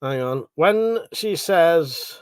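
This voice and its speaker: A man's voice: a little high, expressive, very slow, clear, resonant tone. A middle-aged man hosting a casual livestream, reading chat messages aloud, swearing freely, laughing and mumbling asides. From Britain.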